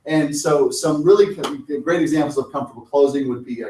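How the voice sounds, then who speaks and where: A man's voice: mid-range voice, fairly even intonation, moderate pace, hardly any pauses, a little mellow. Conversational man in an echoey room. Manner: conversational, acts out little client dialogues. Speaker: sales coach. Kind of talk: lunch talk presentation. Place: meeting room. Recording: echoey room, mic at a distance.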